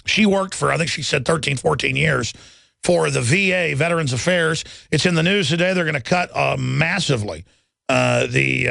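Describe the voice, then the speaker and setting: A man's voice: medium pitch, vocal fry, fairly bright tone, no room sound. A man hosting a talk radio show, delivering an emphatic, ranting monologue.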